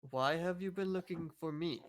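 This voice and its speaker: A man's voice: on the high side, moderate pace, crowd noise. A man playing a tabletop role-playing game, talking in and out of character with frequent stammers. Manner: stammering, playful in-character talk. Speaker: player.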